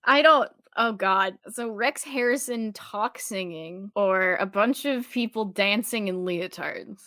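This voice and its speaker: A woman co-hosting a podcast, chatting casually, blunt and quick, swearing freely and laughing often. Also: mid-range voice, pushed and bright, no echo, studio quality. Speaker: co-host, video editor. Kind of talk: casual chat.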